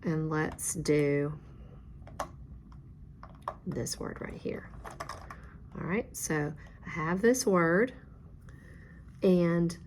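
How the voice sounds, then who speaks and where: A woman with a notably low-pitched voice leads a classroom phonics lesson. She talks patiently, taking learners through each step and praising them often. A faint ambient noise sits under her voice. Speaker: teacher.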